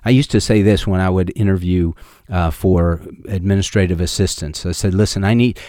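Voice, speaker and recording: A man's voice: low-pitched, fairly even intonation, a little fast, mellow, no echo, studio quality. A middle-aged man preaching a sermon as a pastor, telling homespun stories with emphatic repeated lines.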